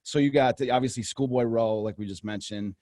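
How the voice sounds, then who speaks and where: A man's voice: mid-range voice, brisk, dark tone, no room sound, studio quality. A man co-hosting a casual podcast, telling history in a rambling, enthusiastic way with many restarts. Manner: enthusiastic storyteller. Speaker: podcast co-host and history researcher.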